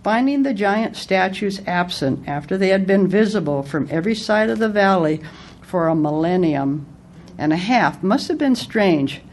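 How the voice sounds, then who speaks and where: A woman's voice: mid-range voice, lively intonation, normal speed, darkish tone, a little hiss or hum. A woman giving a casual spoken book review, retelling its anecdotes in a conversational way.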